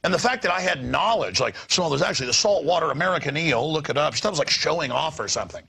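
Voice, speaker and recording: Raspy male talk host ranting super fast, gravelly, bright, voice jumping all over. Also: a little high, lively intonation. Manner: ranting, piles up restarts and acted-out quotes. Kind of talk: fast, animated studio rant. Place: studio.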